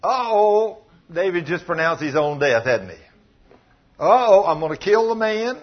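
A man preaching a sermon, retelling a story, dropping to low murmurs and rising to loud exclamations. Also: expressive, a little slow. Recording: dull lo-fi recording.

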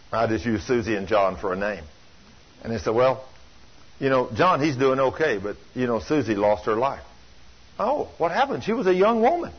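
Husky preacher telling folksy stories. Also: male voice, mid-range voice. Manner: folksy storytelling, dramatic swings from loud to hushed. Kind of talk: sermon. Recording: dull lo-fi sound.

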